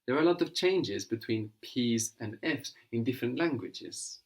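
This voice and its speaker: A man's voice: mid-range voice, lively intonation, normal speed, gravelly. Man, language teacher, patient, explanatory, conversational lesson. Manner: patient, explanatory, prompts the student to translate.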